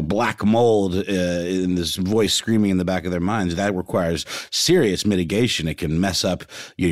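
Deep-voiced man chatting on a podcast. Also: dry recording, clean studio sound. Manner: chatty, filler-heavy, jokey asides. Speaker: podcast co-host. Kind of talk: casual chat.

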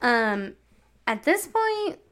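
A woman's voice: a little high, sing-song, drawn-out words, a bit bright. A woman co-hosting a podcast, telling a true-crime story casually, full of fillers and swearing. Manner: profane, filler-heavy, quotes people in voices. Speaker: podcast co-host.

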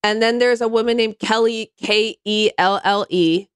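A woman co-hosting a casual comedy chat, her voice smooth and clear and sitting a little high. She talks with a sarcastic edge and mimics the people she quotes in mocking voices. The sound is close and dry, with no room around it. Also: fairly even intonation, moderate pace, dry recording.

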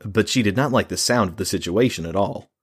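Deep, husky male audiobook narrator. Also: brisk. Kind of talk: scripted fantasy narration.

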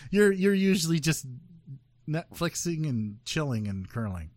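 A man's voice: a little high, very animated, measured pace, darkish tone, no room sound. A man hosting a casual news podcast, joking and rambling with many fillers and restarts. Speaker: podcast host.

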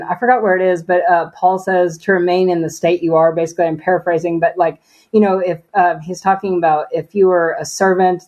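A woman's voice: fairly low pitch, darkish tone, muffled recording. A woman as an interview guest giving a personal faith testimony in conversation, earnest and storytelling, with frequent "you know" and "like".

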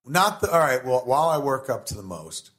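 A middle-aged man talks as a podcast guest, telling stories with plenty of swearing. His voice sits at an ordinary middle pitch, and he goes at his stories with animated energy. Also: a little fast. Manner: animated, profane storytelling. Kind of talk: casual podcast conversation.

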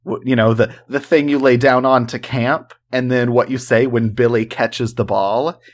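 A man's voice: mid-range voice, fairly even intonation, moderate pace. A man co-hosting a casual true-crime podcast, talking in a joking, rambling way full of fillers. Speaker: podcast co-host.

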